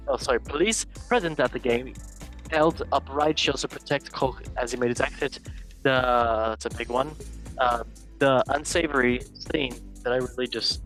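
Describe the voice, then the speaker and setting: A man's voice: medium pitch, a bit bright. A man hosting a casual football news chat, reading headlines with jokey asides and stumbles. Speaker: show host.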